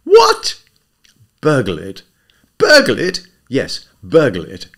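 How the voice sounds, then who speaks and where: A man voicing a dim, excitable young upper-class English gentleman who sounds plaintive and flustered. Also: sits high, normal speed, vocal fry, pitched above the performer's own voice, exaggerated voice.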